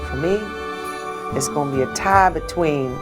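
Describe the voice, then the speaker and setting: A woman in a casual interview, talking excitedly and giggling. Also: sits low, normal speed, loud music behind the voice.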